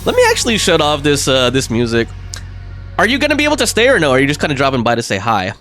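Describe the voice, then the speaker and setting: A man's voice: fairly high pitch, huge pitch swings, quick pace, fairly bright tone, faint music behind. A young man streaming a game live, chatting casually and rambling with fillers and restarts.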